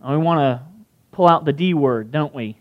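A man's voice: fairly high pitch, moderate pace, lo-fi sound. A man giving a conversational sermon, often putting questions to his listeners. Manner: conversational, asks the crowd questions. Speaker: pastor.

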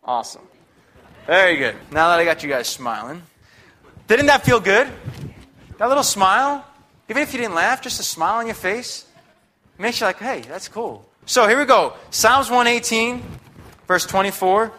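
Upbeat, bright-voiced young preacher. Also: male voice, high-pitched, expressive, moderate pace, long pauses. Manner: conversational, upbeat, chatty with the congregation. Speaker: guest preacher. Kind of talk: sermon.

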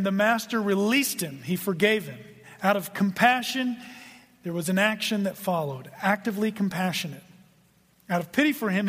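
A man with a high voice preaching a sermon. He talks earnestly, going quiet and then building to emphasis. The sound carries a long reverb from the hall. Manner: earnest preaching, swings between hushed and emphatic. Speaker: pastor.

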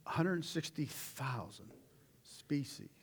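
A middle-aged man preaching a sermon in a folksy, animated way, with sudden shouted asides. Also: a little high, slow, slightly rough.

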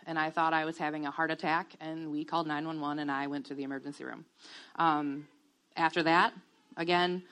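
A woman in her thirties tells her own story in a candid, reflective way. Her voice sits a little low. She pauses often with "um" and lets out soft laughs as she goes. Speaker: guest sharing a testimony. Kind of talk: personal testimony, casual.

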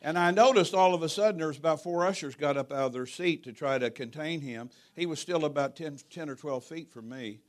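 A man preaching to a congregation in a church. His voice sits a little high for a man, and he tells stories with jokes thrown in. He drops to a hush and then rises to a loud, ringing delivery. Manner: storytelling, jokes with the congregation, swings from quiet to loud. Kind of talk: sermon.

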